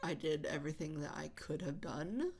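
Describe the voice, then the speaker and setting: A woman host chatting casually while she plays, halting with many fillers and restarts, often sighing. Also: sits low, lively intonation, a little mellow. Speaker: channel host. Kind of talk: casual chat while gaming. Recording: audible background noise.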